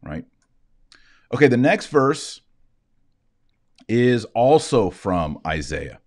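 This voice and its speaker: This Bible teacher speaks slowly at a medium pitch, his voice swinging widely up and down. He lectures online from an indoor desk with a shared screen, explaining verses in a chatty way and posing rhetorical questions he then answers himself.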